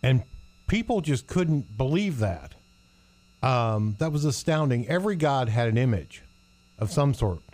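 A man, a pastor, discussing scripture in a measured, thoughtful way with frequent restarts. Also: medium pitch, big pitch swings, a little mellow. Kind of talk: Bible discussion.

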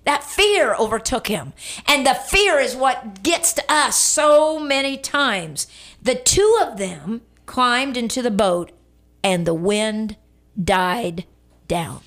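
A woman's voice: high voice, sing-song, takes it slowly, a bit bright. A middle-aged woman preaching a radio sermon, telling a story and repeating lines for emphasis, calling on listeners to respond.

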